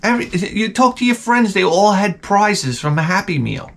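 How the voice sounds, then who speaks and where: A middle-aged man rants as a comedic host, rambling and swearing freely. His voice sits a little high for a man and swings widely up and down as he riffs. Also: moderate pace, gravelly, a little hiss or hum. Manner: rambling, profane, animated ranting. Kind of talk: comedic monologue.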